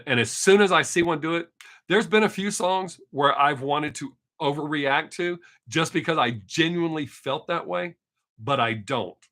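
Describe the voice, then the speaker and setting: Bright-voiced man chatting candidly. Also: a little high. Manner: candid and blunt, speaks his mind. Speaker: music reaction video host. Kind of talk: casual chat to camera.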